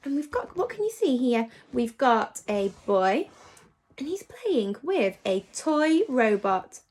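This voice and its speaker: Animated, encouraging woman teaching phonics. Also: fairly high pitch. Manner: animated and encouraging, praising often; slows down to sound out words. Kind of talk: phonics lesson for young children.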